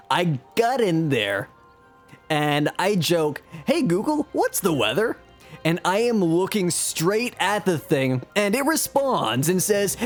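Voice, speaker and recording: A man streaming live, telling a story in a casual, self-mocking way and chuckling as he talks. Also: sits high.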